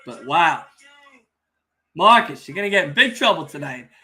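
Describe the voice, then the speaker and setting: A young man hosting a casual wrestling podcast watch-along, telling stories excitably, swearing freely and teasing the chat. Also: a little high, moderate pace. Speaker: podcast host.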